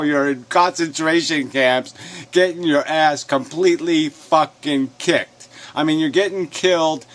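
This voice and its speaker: A man ranting in a sarcastic, mocking tone, swearing often and chuckling as he reacts to a clip. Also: fairly high pitch. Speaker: commentator. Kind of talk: profane rant reacting to a clip.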